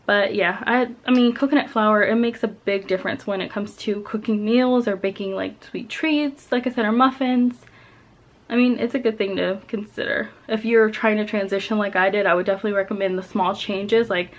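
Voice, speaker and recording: A young woman vlogging casually to camera, chatty and enthusiastic about her favorite snacks. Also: mid-range voice. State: out of breath. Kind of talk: casual product talk to camera.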